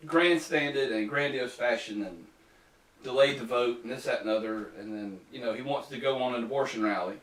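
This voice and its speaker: A man's voice: medium pitch, moderate pace, recorded from a distance. A man hosting a casual political talk podcast, sarcastic and mocking as he reads quotes aloud. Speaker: podcast host. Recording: echoey room, voice off-mic.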